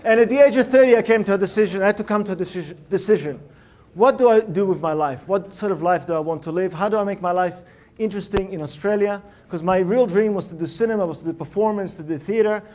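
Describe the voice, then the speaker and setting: A man giving a TED-style talk on a lecture hall stage, animated and firing rhetorical questions at the audience. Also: high-pitched, quick pace. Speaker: public speaker.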